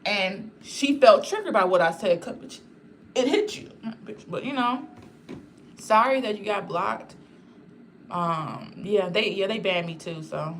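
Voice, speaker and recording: A woman's voice: medium pitch, measured pace, a little hiss or hum. A woman chatting casually on a livestream, rambling and talking straight to her viewers in a blunt, outspoken way.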